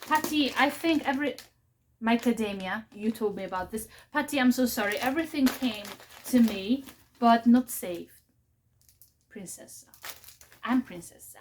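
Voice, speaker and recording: Slow-talking rambling woman vlogger. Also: a little high, background noise. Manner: emotional, rambling, with halting restarts. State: unwell, recovering from side effects. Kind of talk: casual unboxing vlog.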